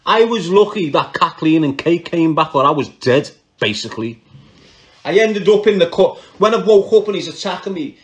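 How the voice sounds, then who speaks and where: Animated Scouse man telling stories. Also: on the high side. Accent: Liverpool (Scouse). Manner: animated, laughs often, slangy, restarts mid-sentence. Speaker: podcast storyteller. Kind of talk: casual true-crime storytelling.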